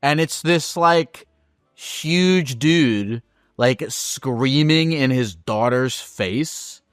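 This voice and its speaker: A man's voice: mid-range voice, extremely slow, smooth, dry recording, studio quality, soft background music. A man hosting a call-in advice show, talking casually with many restarts and plenty of swearing.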